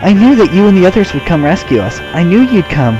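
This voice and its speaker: A man voicing a tearful but plucky young girl in a high squeaky falsetto, over game music. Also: very animated, quick pace, muffled recording. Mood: indignant.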